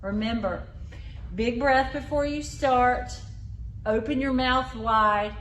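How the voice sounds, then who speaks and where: A woman with a bright, fairly high voice leads voice exercises at an unhurried pace. She coaches loud, exaggerated demonstrations. She sits a little back from the mic in an echoey room. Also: far from the mic, a little hiss or hum. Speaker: exercise leader. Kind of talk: leading voice exercises.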